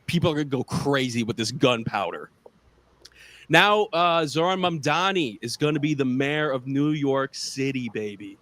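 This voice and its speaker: A young man with an American accent performs stand-up over a video call. He rambles and mocks himself, leaning on "like" as he goes. His voice sits at a middling pitch. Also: animated, normal speed, fairly bright tone, no echo. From United States. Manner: rambling and self-mocking, with many filler "like"s. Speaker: stand-up comedian. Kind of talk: online stand-up set.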